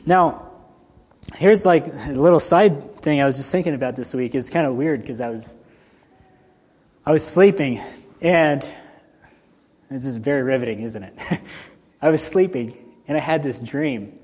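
A male pastor giving a conversational, animated sermon, swinging between loud and soft. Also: mid-range voice, measured pace, long pauses, breathy edge. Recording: long hall reverb.

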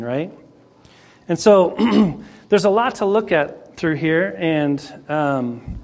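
A man teaching a Bible class in a conversational way, clearing his throat often as he starts to lose his voice. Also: on the high side, darkish tone. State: losing his voice.

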